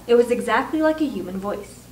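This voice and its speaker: A woman reading a children's book aloud with expressive storytelling. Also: on the high side, brisk, slight background noise. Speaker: reader. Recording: echoey room, distant mic.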